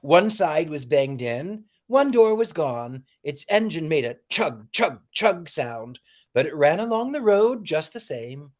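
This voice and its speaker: A man's voice: fairly high pitch, very animated, a little slow. Man, livestream host, theatrical, exclamatory, storybook reading.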